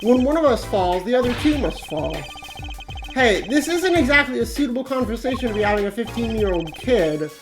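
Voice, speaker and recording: A woman putting on a laid-back, teasing father with a low, dry delivery that shifts freely in tone. Game music plays behind him as the lines are read on stream. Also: very animated, fairly quick. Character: weary laid-back father, adult man, jokey. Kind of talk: reading game dialogue aloud on a stream.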